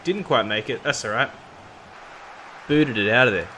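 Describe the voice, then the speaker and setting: A young man hosting a gaming video, recapping matches in a chatty, excitable way, full of restarts and fillers. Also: mid-range voice, normal speed, a little hiss or hum. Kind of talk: game commentary, recapping and playing live. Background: background music.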